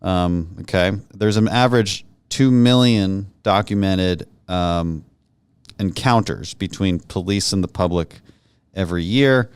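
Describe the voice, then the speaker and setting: A man's voice: deep voice, measured pace, clean tone, no room sound. A man hosting a podcast interview, chatting casually and jokingly with plenty of fillers. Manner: relaxed, joking, many fillers. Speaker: podcast host, congressman.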